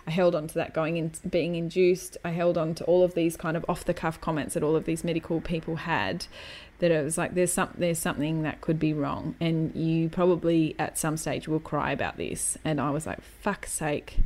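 A woman's voice: sits low, a little fast. A woman in her thirties chatting on a podcast, telling a story with acted-out quotes and casual swearing. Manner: storytelling, animated, acts out quotes; swears casually, self-mocking humor. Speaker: podcast co-host. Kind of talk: casual chat.

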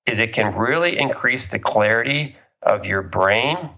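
Gravelly, bright-voiced man on a lo-fi line. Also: medium pitch, expressive, measured pace. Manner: enthusiastic, explains with analogies and tells anecdotes. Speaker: guest, author on genes and health. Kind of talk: conversational explaining.

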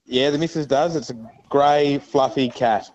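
A man's voice: medium pitch, measured pace, darkish tone, dull audio, a little hiss or hum. A man calling into a radio show, laid-back and laconic in his answers. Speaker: caller. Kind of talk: phone-in call.

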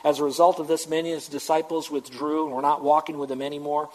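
Guy pastor preaching a sermon, kinda high voice, emphatic, lots of questions at the crowd. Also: flat delivery, fast talker, rough recording.

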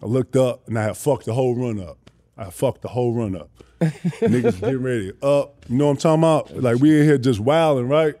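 A man's voice: mid-range voice, a little fast. Laid-back man telling stories. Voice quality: animated, profane, acts out voices. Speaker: guest storyteller. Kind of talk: casual storytelling.

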